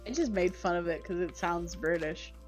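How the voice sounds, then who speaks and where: A woman's voice: on the low side, moderate pace. A woman in casual livestream voice chat. She makes blunt, wry quips in a casual way. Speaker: stream guest player. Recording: game music under the voice.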